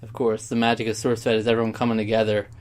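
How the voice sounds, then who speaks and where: A man's voice: on the low side, monotone, fast talker, a little mellow, a little hiss or hum. A young man talking in a casual, rambling vlog monologue, often sidetracking himself and speaking with heartfelt sincerity. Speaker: YouTuber.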